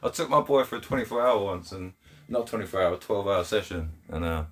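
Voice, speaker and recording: A man with an English accent talks straight to his live stream viewers from home. His voice sits a bit low, and he is blunt and chatty, full of slang, with frequent laughs. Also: expressive, brisk, fairly bright tone. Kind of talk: casual live stream chat, reading comments. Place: home, indoors.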